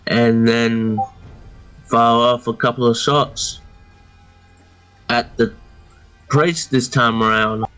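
A man plays an online tabletop game and states his actions one by one. His voice is smooth and clear. He speaks slowly, in a flat and even tone. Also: mid-range voice, faint music behind, rough recording. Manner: slow, deliberate turn declarations. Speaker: player. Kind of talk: casual tabletop game talk.

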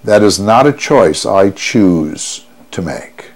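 A male hypnotherapist leads a guided trance in a low voice. He speaks at a very slow, unhurried pace, soothing and calm, repeating each affirmation in turn. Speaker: stop-smoking hypnotherapist.

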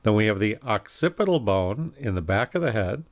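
A man giving a recorded anatomy lecture, calmly explaining and pointing through slides with occasional self-corrections. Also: fairly low pitch, moderate pace. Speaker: anatomy instructor.

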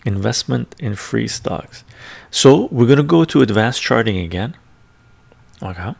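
A man's voice: medium pitch, lively intonation, a little slow, vocal fry, a little mellow. A man, the host, talking casually and thinking aloud as he browses stock charts, often muttering to himself. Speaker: finance video host. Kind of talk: casual screen-share commentary. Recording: ASMR-style close mic.

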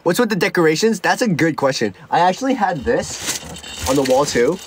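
High-voiced young man rambling on stream. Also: very animated, fairly quick, a little hiss or hum. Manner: rambling and joking, with many stuttered restarts. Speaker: live streamer. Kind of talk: casual livestream chat.

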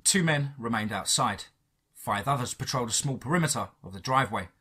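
A man narrating a first-person horror story in a dramatic, measured way. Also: mid-range voice, animated, sharp tone, slightly rough.

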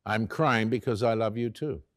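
A man quoting a frank, gently teasing woman in a hospital bed, speaking softer and lower than his narration. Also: normal speed, dry recording, clean studio sound, natural voice. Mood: teasing, tender.

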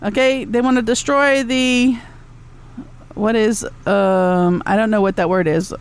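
A woman's voice: medium pitch, fairly even intonation, a little slow, smooth. A woman hosting a podcast, ranting bluntly and sarcastically with lots of swearing and asides to her chat room. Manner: talks back to a chat room. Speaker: podcast host. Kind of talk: ranting solo podcast talk.

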